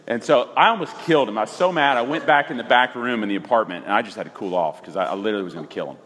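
In a large hall, a pastor in his forties tells a personal story conversationally, animated and emphatic and often restarting sentences. His fairly low voice comes rapid-fire with hardly any pauses.

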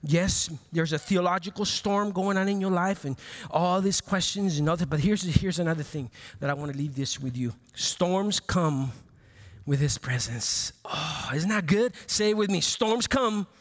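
A man preaching a sermon as pastor, animated, with many repeated phrases and call-and-response to the congregation. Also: high voice, moderate pace. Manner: animated, playful asides to the congregation.

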